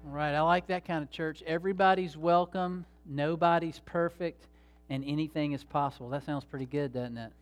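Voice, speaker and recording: A man's voice: on the high side, steady tone, normal speed. A man preaching a sermon as pastor, in a conversational, folksy way with many fillers and restarts.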